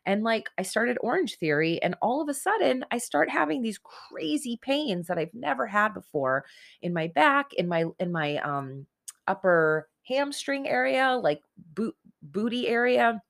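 A woman's voice: on the high side, big pitch swings, a little slow, creaky. Earnest self-help woman in her forties. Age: 40s. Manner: earnest, conversational, addresses listeners directly. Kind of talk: motivational self-help talk.

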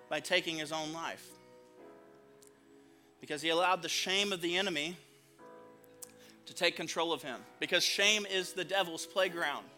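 A man's voice: high voice, pushed and bright. A man preaching a sermon as pastor, earnest and emphatic, repeating phrases for weight.

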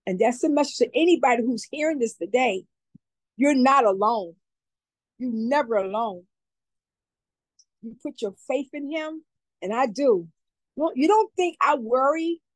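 A woman's voice: high-pitched, animated, moderate pace, dry recording, poor audio. A woman speaking as a community advocate guest, giving heartfelt, emotional testimony and often repeating herself.

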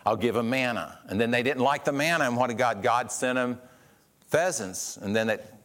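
A man's voice: medium pitch, normal speed, fairly bright tone. A man preaching a sermon in a conversational way, acting out the quotes he tells with changes in his voice. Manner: conversational, acts out quotes with shifts in voice. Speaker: pastor.

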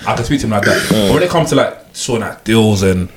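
A man's voice: lowish voice, lively intonation, fast, very noisy. A man from Britain chatting emphatically in a podcast and saying "bro" a lot. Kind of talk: casual chat. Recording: echoey room.

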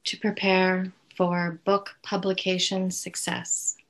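Woman client, low-pitched and unhurried, flat delivery, short hesitant answers. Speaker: tarot client. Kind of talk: answering questions in a live reading.

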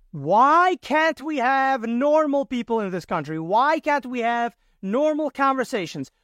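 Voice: mid-range voice, fairly bright tone, dry recording, studio quality. A podcast host delivering a solo commentary monologue, indignant and sarcastic, firing off rhetorical questions. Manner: sarcastic mockery.

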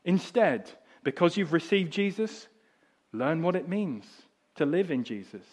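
A middle-aged man preaching a sermon, telling a story that drops soft and low and then rises loud and high. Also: sing-song, a little slow, breathy edge. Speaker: pastor.

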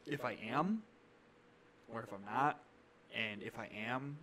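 A young podcast co-host with a medium-pitched, bright, forceful voice speaks expressively and slowly, with slight background noise. His casual chat rambles, full of fillers and restarts.

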